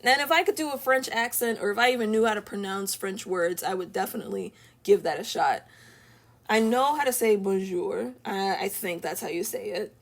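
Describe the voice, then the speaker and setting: A woman's voice: mid-range voice, expressive, moderate pace. A young woman chatting casually while she draws on a live stream at home, rambling and laughing often. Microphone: streaming from an iPad.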